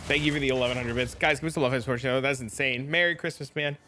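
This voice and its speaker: A man streaming a game, chatting casually, excitable and swearing often as he thanks his viewers. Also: medium pitch, rapid-fire, noisy background. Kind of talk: casual live-stream chat.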